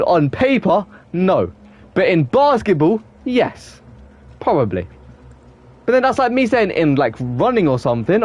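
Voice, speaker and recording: A young Englishman at an ordinary middle pitch rambles through casual chat with his viewers. He waffles, trips over his words and keeps restarting his sentences as he talks while streaming a game. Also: a little mellow. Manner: rambling, self-admitted waffling with many restarts.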